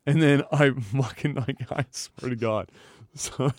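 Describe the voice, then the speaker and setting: A man co-hosting a podcast, telling a profane, animated story full of laughter in casual talk. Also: medium pitch, takes it slowly, no room sound, studio quality. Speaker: podcast co-host.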